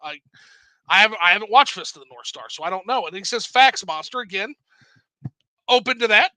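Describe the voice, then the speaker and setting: Guy hosting a live stream, high bright voice, dry close mic, lots of swearing and laughing. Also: a little fast, no echo, low-quality recording. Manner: animated, swears freely, laughs often. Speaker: livestream host reading chat. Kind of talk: casual livestream chat.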